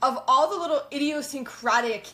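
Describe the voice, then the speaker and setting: A woman's voice: high-pitched, normal speed, pushed and bright, echoey room. A woman co-hosting a live show in giggly, chatty, casual talk. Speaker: co-host.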